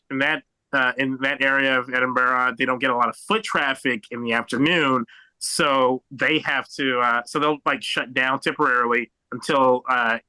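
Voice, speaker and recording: A young American man doing a stand-up set over a video call, halting and rambling with many fillers and restarts. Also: medium pitch, pushed and bright, clear, resonant tone, dry recording, poor audio. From United States. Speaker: stand-up comedian.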